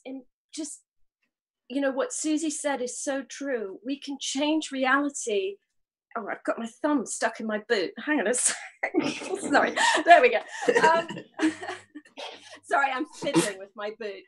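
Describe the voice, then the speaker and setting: A woman's voice: sits high, fairly bright tone, rough recording. A woman speaking in a live online discussion, earnest and rambling, with frequent restarts and fillers. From grew up on film sets. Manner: rambling, earnest, swears and laughs it off. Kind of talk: passionate casual talk.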